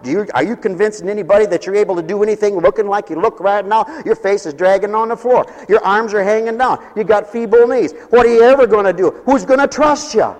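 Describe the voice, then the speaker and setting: A man preaching with a high, lively voice that carries through a hall with long reverb. He is a pastor, and he acts out the voices of the people in his stories. He laughs often as he preaches. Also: fast, hardly any pauses. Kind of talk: lively sermon.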